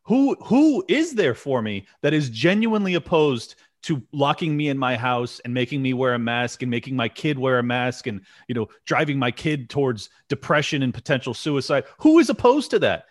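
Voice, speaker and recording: A man's voice: medium pitch, animated, moderate pace, few pauses. A man hosting a podcast, talking in a passionate, profane rant. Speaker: podcast host. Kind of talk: casual political podcast chat.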